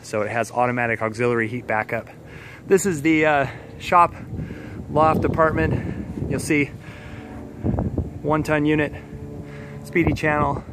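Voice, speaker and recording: A man's voice: a little high, fairly even intonation, measured pace, pauses often, noisy background. A man giving a casual walkthrough of a home install, chatty and a little out of breath, explaining as he walks. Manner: chatty, explains on the move with many fillers. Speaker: heating contractor giving a walkthrough. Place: house, indoors and outdoors.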